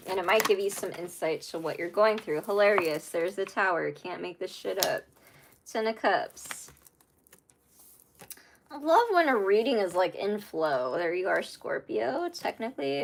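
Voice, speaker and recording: Chatty woman giving a tarot reading. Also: fairly low pitch. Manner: rambling, chatty, many fillers and asides. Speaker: tarot reader. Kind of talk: casual tarot reading monologue.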